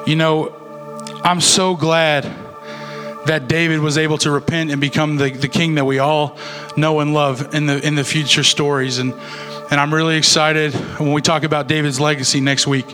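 A man's voice: a little high, level tone, normal speed, fairly bright tone, soft background music. A young man preaching a sermon as a youth pastor, in a casual, conversational way with fillers and restarts.

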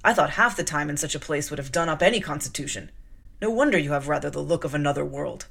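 A woman reading the lines of a brusque, imperious middle-aged gentleman in a gruff, clipped, demanding way, in an audiobook. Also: low voice, animated, fast talker, full character voice.

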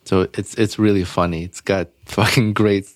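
Low-voiced man in laid-back podcast banter. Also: flat delivery, moderate pace, no echo. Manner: laughs often while retelling funny scenes; swears casually. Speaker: podcast co-host. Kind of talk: casual chat.

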